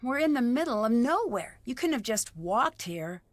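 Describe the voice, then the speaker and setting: An actress playing a curious young female amateur detective who questions people calmly in a mystery game. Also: a little high, normal speed, no echo. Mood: probing. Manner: inquisitive, calm questioning.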